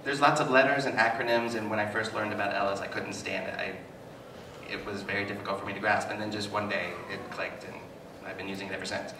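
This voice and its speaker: A man giving a live talk as a psychotherapist, telling stories with animated, self-mocking humor to an audience. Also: fairly low pitch, brisk, hardly any pauses. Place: hall with an audience. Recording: echoey hall, mic at a distance, noisy.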